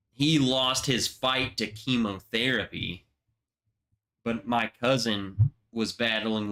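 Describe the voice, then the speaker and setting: A man's voice: fairly low pitch, bright, forceful tone. A young man hosting a casual livestream, telling rambling, emotional stories with plenty of swearing. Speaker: livestream host.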